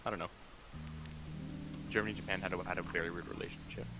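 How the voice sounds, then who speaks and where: A man's voice: low-pitched, fairly even intonation, fast talker, background noise. A man chatting casually on a voice call, blunt and swearing often. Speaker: stream guest.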